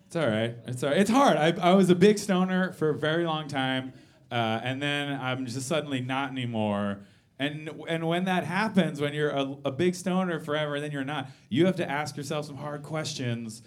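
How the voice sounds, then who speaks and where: A man in his thirties performs stand-up in a basement club. His voice sits a little high and swings widely in pitch. He swears freely, mocks himself and throws quick asides at the audience. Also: lively intonation. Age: 30s. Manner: profane, self-mocking, quick asides to the crowd. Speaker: stand-up comedian. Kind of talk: live stand-up set. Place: basement comedy venue.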